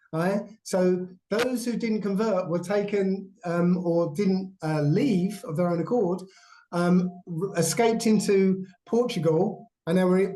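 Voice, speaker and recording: A man, a guest on a video call, explaining slides in a halting way and checking in often with "right?" and "yeah?". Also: sits high, dark tone, poor audio. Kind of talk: explanatory chat over shared slides.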